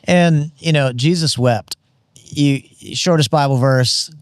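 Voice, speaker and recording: A man's voice: fairly high pitch, slow pace, clean tone, no echo, clean studio sound. A man co-hosting a casual Bible discussion podcast, earnest and teacherly as he explains the text. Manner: earnest, teacherly, explains Greek and verse context. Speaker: podcast co-host.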